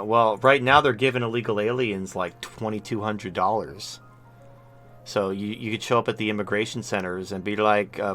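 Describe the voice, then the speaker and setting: A man's voice: lowish voice, a bit bright. A man hosting a live-stream talk show, talking in blunt, rambling casual commentary with frequent restarts. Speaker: show host.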